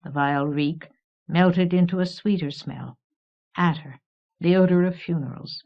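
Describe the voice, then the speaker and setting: A woman reading a fantasy novel as audiobook narrator in a measured, even way. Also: lowish voice. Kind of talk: scripted narration. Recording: dull old cassette recording.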